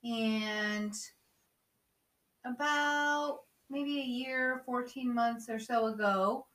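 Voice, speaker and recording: A woman's voice: fairly high pitch, fairly even intonation, extremely slow, fairly bright tone, far from the mic. A woman guest co-host in casual podcast chat who talks bluntly and swears freely.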